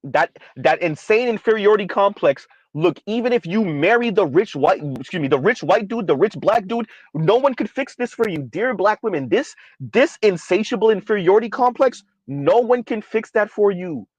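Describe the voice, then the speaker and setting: A man's voice: sits high, lively intonation, normal speed, few pauses, no room sound, dull audio. A man ranting in a sardonic, exasperated commentary vlog, hammering his points by repeating them. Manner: sardonic, exasperated, repetitive emphasis. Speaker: commentary vlogger.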